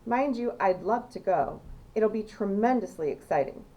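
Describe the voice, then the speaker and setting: A woman reading aloud, voicing a gentle, humble father who speaks softly and reasonably. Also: mid-range voice, animated, normal speed, lightly acted, poor audio. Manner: soft and reasonable.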